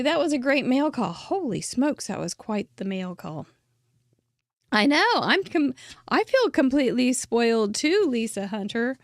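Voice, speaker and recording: A middle-aged woman hosts a card-making show, talking chattily and effusively to her viewers. Her voice sits a little high for a woman. The sound is close and dry, with no room around it. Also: dry recording. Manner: chatty and effusive, laughs often. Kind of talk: casual chat to viewers.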